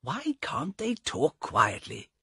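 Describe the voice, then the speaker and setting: Quiet fifty-year-old guy thinking to himself, read by a narrator, slow, husky, dry. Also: fairly high pitch, huge pitch swings, no echo, voice pushed up, full character voice. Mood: annoyed. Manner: soft inner thoughts, slow. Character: quiet small man of fifty, mildly annoyed.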